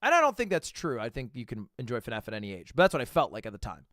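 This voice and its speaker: A young man in his twenties reacting to a video on stream, animated and swearing, switching between loud outbursts and quiet mutters. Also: mid-range voice, racing, no echo, clean studio sound. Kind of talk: casual reaction commentary.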